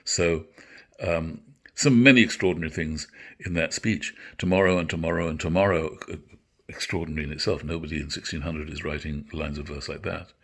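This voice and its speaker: An older man giving a literature lecture, reflective and halting, often correcting himself. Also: a bass voice, fairly bright tone, slightly rough. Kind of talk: literature lecture with recited verse.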